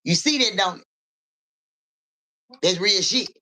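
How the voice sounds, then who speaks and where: Sharp-voiced woman reader talking street slang. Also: mid-range voice, expressive, takes it slowly. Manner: profane street slang, keeps asking "you hear me"; calls out viewers by name. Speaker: livestream psychic reader. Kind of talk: casual livestream talk.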